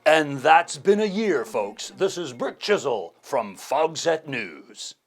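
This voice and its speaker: A man delivering a mock newscast and documentary narration with a deadpan, mock-serious tone. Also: on the high side, takes it slowly, soft background music. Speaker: comedy news anchor and narrator.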